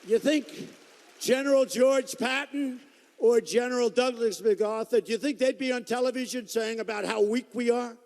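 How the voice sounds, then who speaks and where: With a very high voice, a darkish tone and normal speed, a man in his sixties campaigns at a rally inside a large performing arts hall. The candidate talks repetitively and boastfully in a conversational style, and long reverb fills the space.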